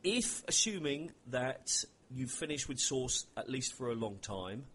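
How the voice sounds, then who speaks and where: A man hosting an interview, asking questions in a relaxed, conversational way. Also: medium pitch, measured pace. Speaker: interview host. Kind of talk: casual interview talk.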